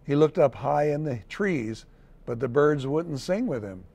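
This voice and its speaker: A man, a city mayor, reading a children's picture book aloud in a gentle storytelling manner. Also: on the high side, slightly rough. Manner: gentle, slow storytelling with lively read-aloud voices.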